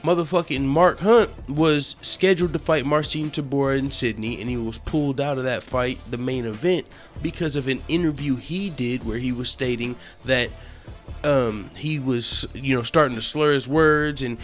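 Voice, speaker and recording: A man's voice: medium pitch, normal speed, faint music behind. A man hosting a casual MMA news channel, cursing a lot and laughing often as he talks. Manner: profane, laughs often, excitable. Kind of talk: casual commentary vlog.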